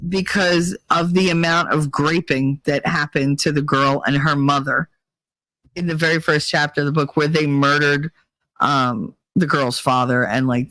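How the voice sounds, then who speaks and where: A woman's voice: sits low, dry recording. A woman hosting a casual talk show, telling stories in a blunt, profane and rambling way. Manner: blunt and profane, heated retelling; rambling with many restarts. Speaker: podcast host. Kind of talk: casual opinion chat and storytelling.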